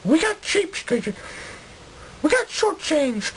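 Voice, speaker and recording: A man's voice: very high voice, very animated, slow, fairly bright tone, a little hiss or hum, pitched above the performer's own voice, full character voice, rough recording. A man voicing a bitter Swedish colonist complaining about being run off, in a comedy sketch.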